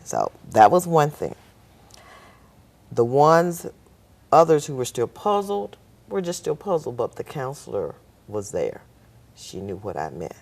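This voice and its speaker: A woman with an unusually deep voice tells her story as a talk show guest. Her voice has a gravelly, creaky edge. She tells it in a lively way and acts out the people in her story. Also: unhurried, pauses often. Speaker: nurse. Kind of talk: personal storytelling.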